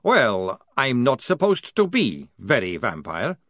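A man voicing a nervous male vampire soldier who craves coffee, speaking in a complaining, drawn-out way. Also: mid-range voice, huge pitch swings, a bit bright, dry recording, clean studio sound, exaggerated voice. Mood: jittery.

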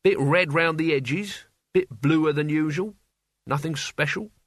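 A man's voice: a little high, unhurried, dry recording, clean studio sound, pitched above the performer's own voice. Man doing a grumpy, sneering old servant. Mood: gruff. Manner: gruff, impatient.

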